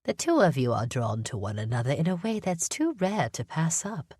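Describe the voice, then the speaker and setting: A woman reading an audiobook, voicing a frail, sharp-eyed old woman, sick in bed, who teases in a wry, blunt way. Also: low-pitched, sing-song, moderate pace, slightly rough, dry recording, studio quality, heavily acted. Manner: wry and teasing. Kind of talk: audiobook character voice.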